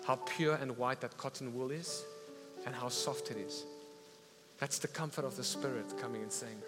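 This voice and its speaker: A man preaching a sermon, retelling a story with animated, emphatic delivery. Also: medium pitch, normal speed. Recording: reverberant hall with faint music.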